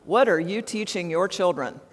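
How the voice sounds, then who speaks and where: A woman's voice: lowish voice, lively intonation, normal speed. A woman giving an interactive HR training talk at a conference, often checking in with the audience with tag questions. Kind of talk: interactive workshop presentation. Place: large conference hall. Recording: long hall reverb.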